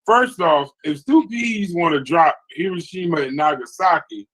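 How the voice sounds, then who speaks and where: A man's voice: fairly high pitch, normal speed, rough recording. A man hosting a podcast debate, reading viewer comments from the chat and jumping between points. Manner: animated, reads chat comments aloud. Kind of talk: heated casual debate.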